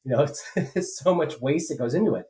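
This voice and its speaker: A man's voice: fairly high pitch, expressive, a little fast, dark tone, poor audio. A man co-hosting a political podcast, talking casually and rambling with many fillers and restarts. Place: rural home.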